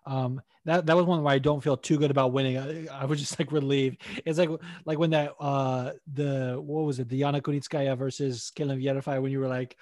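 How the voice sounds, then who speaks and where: A man's voice: medium pitch, steady tone, a little fast, hardly any pauses, a little mellow, dry recording, studio quality. A man co-hosting a casual podcast, rambling about fights with frequent swearing and laughter. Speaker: podcast co-host. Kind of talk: casual MMA podcast chat.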